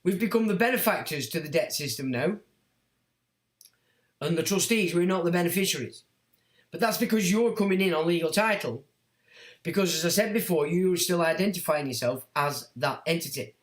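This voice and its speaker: Middle-aged man hosting a livestream, blunt and mocking, high-pitched, roomy echo. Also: moderate pace. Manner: blunt, animated, mocks whiners in put-on voices. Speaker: livestream host reading chat comments. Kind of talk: casual livestream monologue.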